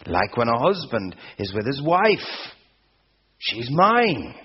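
In a very animated sermon, a man of medium pitch speaks with a husky edge and a deliberate, unhurried rhythm, driving home repeated, emphatic phrases. The sound quality is dull and lo-fi.

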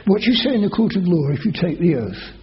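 A male preacher delivers a sermon, telling a scripture story with dramatic emphasis and loud quoted oaths. His voice sits fairly high. The recording sounds dull and lo-fi. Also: big pitch swings, a little fast.

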